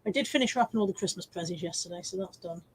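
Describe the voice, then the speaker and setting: A woman's voice: on the low side, rapid-fire, slightly rough. An English woman hosting a casual live stream from home, chatting and teasing herself as she reads out viewer comments.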